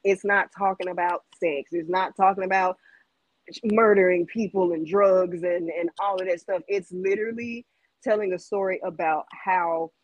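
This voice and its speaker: A woman's voice: fairly low pitch, steady tone, normal speed. A Southern-accented woman singer talks in a chatty, upbeat way, full of "um" and "like". The sound is dry and close, with no room echo around her voice. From Jackson, Mississippi. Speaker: guest singer in an R&B group. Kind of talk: casual interview chat.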